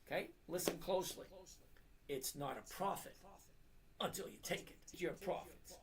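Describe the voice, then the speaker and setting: A middle-aged man talks straight to his live-stream viewers in a blunt, emphatic way. He repeats key points and slows down on purpose so they sink in, like a lecture mixed with casual chat. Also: high-pitched, noisy background. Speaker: trading live-stream host.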